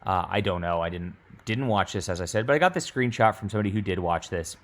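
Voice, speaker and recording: Exasperated, slightly low-voiced man ranting. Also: quick pace. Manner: exasperated, mocking, with many uh fillers and restarts. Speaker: YouTube commentator. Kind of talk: casual commentary vlog.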